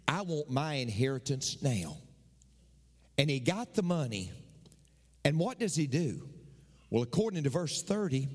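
A man preaching a sermon as pastor, swinging between hushed storytelling and near-shouted appeals. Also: fairly high pitch. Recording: long hall reverb.

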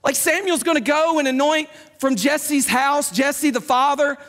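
High-voiced preacher in a reverberant hall. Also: male voice, steady tone, measured pace, fairly bright tone. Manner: emphatic, repetitive, conversational preaching. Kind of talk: sermon.

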